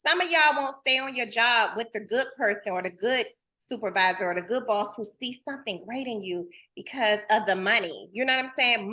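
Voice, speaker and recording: A fairly high-pitched woman with a bright, forward tone hosts a heartfelt, casual conversation. She sounds earnest and emotional, and talks straight to her listeners in easy, folksy speech. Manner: informal and folksy, full of "girl" and "y'all". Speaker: host.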